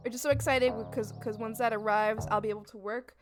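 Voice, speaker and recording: A woman's voice: high-pitched, fairly even intonation, brisk, few pauses, over loud music. A young woman streaming her art at home, chatting casually while she draws, bubbly and breaking into squealed exclamations. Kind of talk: casual chat while drawing. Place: home apartment.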